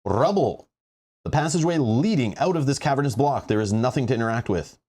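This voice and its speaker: Reading board game rules aloud during a playthrough he's hosting, a man rambles in exasperation. He has a mid-range, darkish voice, expressive and fairly quick.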